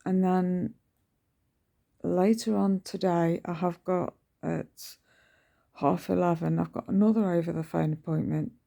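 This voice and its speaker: A woman's voice: lowish voice, steady tone, measured pace, creaky, warm tone. A middle-aged woman vlogging at home in a rambling, chatty way, full of ums and restarts. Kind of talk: casual early-morning vlog chat. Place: at home indoors.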